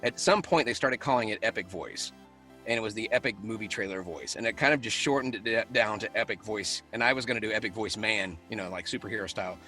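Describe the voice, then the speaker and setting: Fast, bright-voiced man telling stories. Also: on the low side, soft background music. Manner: animated storyteller who laughs often. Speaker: voice actor guest. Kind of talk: casual interview chat.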